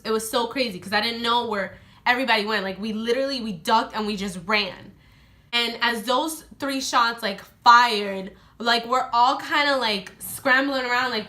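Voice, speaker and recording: A young woman talks straight to the camera in a casual storytime vlog, her voice a little high and bright. She takes her time and acts out her friends' lines as she goes, with "like" scattered through every sentence. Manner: animated, heavy use of "like", acts out friends' lines. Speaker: beauty vlogger.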